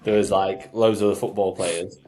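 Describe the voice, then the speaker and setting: A man's voice: deep voice, steady tone, normal speed, mellow. A young man telling drinking stories in casual podcast chat, swearing freely. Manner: swearing, storytelling, laddish. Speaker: podcast co-host.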